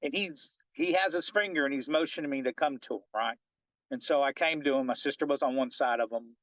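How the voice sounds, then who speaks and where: A middle-aged fishing guide telling a personal story in an interview, animated and often checking in with "right?". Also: male voice, mid-range voice, brisk, no echo, low-quality recording. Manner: animated storyteller who keeps asking "right?".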